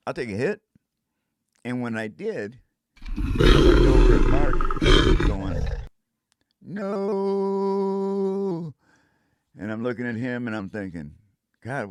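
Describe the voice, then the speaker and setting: A man's voice: low voice, dry recording, studio quality. An older man telling a casual first-person story in a rambling way, breaking into vocal sound effects.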